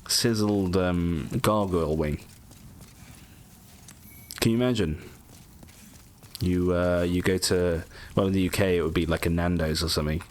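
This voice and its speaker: A man's voice: deep voice, steady tone, a little slow, long pauses, a little mellow. A man giving casual, rambling gameplay commentary full of jokey asides.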